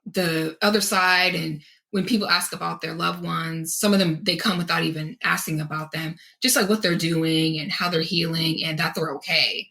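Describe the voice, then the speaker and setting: A woman's voice: low-pitched, steady tone, moderate pace, vocal fry, hardly any pauses, pushed and bright. A woman psychic and podcast guest, telling reading stories in an upbeat way and laughing often. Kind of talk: casual interview storytelling.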